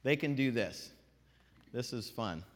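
A man teaching a group, animated, singing out drawn vowels to show how the pitch moves. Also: unhurried. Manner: animated, demonstrates tones by singing out long vowels. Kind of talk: classroom lesson. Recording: long hall reverb.

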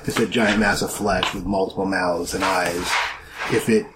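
A man narrating a tabletop game as game master, describing scenes with halting restarts and fillers. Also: low voice, fairly even intonation, very noisy.

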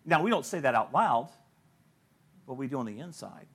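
A man's voice: mid-range voice, big pitch swings, normal speed, a bit bright, breathy edge. A middle-aged male pastor preaching a sermon, telling stories and acting out the people he quotes, often laughing at his own points.

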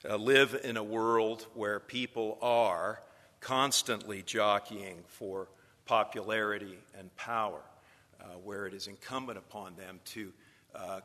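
Man giving a sermon-style lecture to future preachers, bright sharp tone, long hall reverb. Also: fairly low pitch. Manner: storytelling, building to emphatic points.

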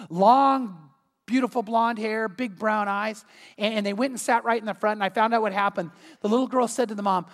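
A man preaching a sermon as pastor, telling a story in a lively, emphatic way in a church. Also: high voice. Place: church sanctuary. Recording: long hall reverb.

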